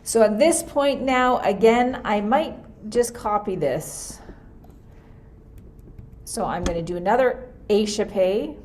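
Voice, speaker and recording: A woman's voice: medium pitch, slow pace, a little mellow, slight background noise. A woman teaching a music theory class in a screen-recorded lesson, casually thinking aloud as she works through an example. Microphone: computer mic for a screen recording.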